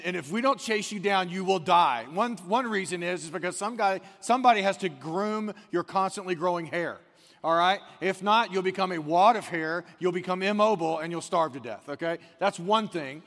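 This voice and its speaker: A male pastor preaching in a church, his voice a touch high and gravelly, with a long echo trailing his words. He tells stories in a chatty, animated way. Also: moderate pace. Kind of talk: sermon.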